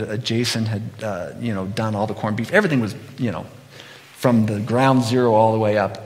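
Middle-aged guy preaching, casual storytelling vibe, average pitch, big echoey hall sound. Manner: conversational, animated storytelling with acted-out quotes. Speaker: pastor. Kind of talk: sermon. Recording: long hall reverb.

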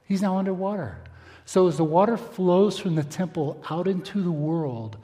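A man preaching a sermon, reading scripture aloud and slowing down for emphasis. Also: high voice, mellow, in a large hall. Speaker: pastor.

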